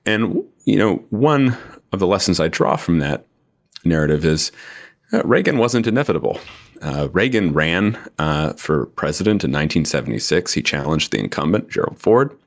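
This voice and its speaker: A man in his forties, an author guest in an interview, talking slowly and deliberately with many fillers. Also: sits low, sing-song, gravelly. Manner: slow, deliberate, with frequent fillers. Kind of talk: interview discussion.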